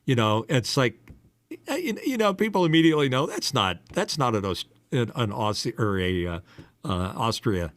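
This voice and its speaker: A man co-hosting a casual podcast chat, a commercial voice actor who talks in an animated way and drops in quick impressions. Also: on the low side, dry recording. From United States.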